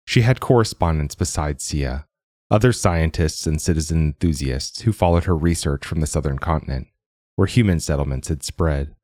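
A man narrating a science fiction story in a measured reading. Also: extremely low pitch, a little mellow, no echo, studio quality. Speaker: audiobook narrator. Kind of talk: scripted narration.

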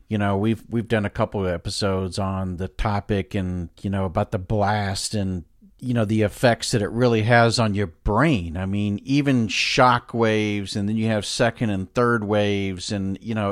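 A man's voice: fairly low pitch, dry recording, studio quality. A male podcast host asking a guest curious follow-up questions in a casual interview.

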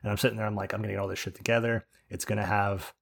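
A man's voice: on the low side, little pitch movement, racing, gravelly, fairly bright tone, husky. Jersey guy ranting on a gaming podcast, swears a lot, keeps going off on jokes. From New Jersey, US. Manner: rambling, swears, jokey rants. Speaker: podcast co-host. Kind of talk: casual chat.

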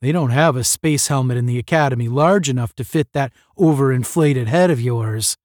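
A man doing gruff, weary cadet Astro. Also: mid-range voice, moderate pace, darkish tone, no room sound, clean studio sound, close to an everyday voice. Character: big, strong young male cadet Astro, tired and gruff.

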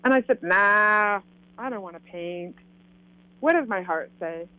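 A woman from Canada telling a personal story in a casual, animated way, acting out what people said. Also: mid-range voice, measured pace, dry recording. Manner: animated, acts out quoted dialogue. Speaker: guest telling her story. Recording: tinny phone line, dry.

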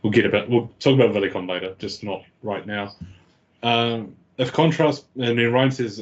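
A man's voice: mid-range voice, normal speed. A man hosting a casual podcast, laid-back and rambling, swearing freely. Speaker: podcast host. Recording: dull lo-fi sound.

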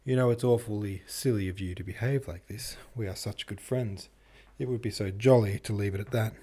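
A man reading the lines of a cheerful, sympathetic young woman who is poor but carefree, voiced gently and with light teasing. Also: fairly low pitch, fairly quick, slightly rough.

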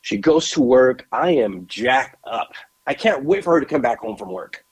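Husky-voiced guy on a podcast mic, super animated, repeats himself for emphasis. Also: medium pitch, normal speed, low-quality recording. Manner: lively storyteller, emphatic and repetitive. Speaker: podcast co-host. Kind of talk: animated storytelling chat.

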